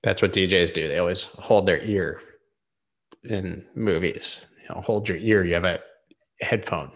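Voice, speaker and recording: A low-voiced man talking through charts on a live stream, loose and jokey. He wanders off into quick asides, then drifts back to the chart in front of him. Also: gravelly. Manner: joking, rambling, quick asides.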